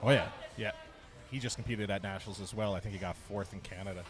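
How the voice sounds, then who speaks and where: A man giving live play-by-play commentary at a strength competition, cheering lifters on excitedly. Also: lowish voice, quick pace. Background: music playing.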